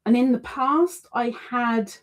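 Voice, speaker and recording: A woman with a fairly high voice hosts a casual crochet livestream, slowly reading viewer comments and adding chatty, self-deprecating asides. The recording sounds muffled.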